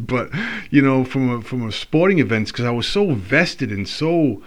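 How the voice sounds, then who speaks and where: A man's voice: mid-range voice, expressive, moderate pace. A man talking casually in a rambling, reflective monologue, full of fillers and restarts.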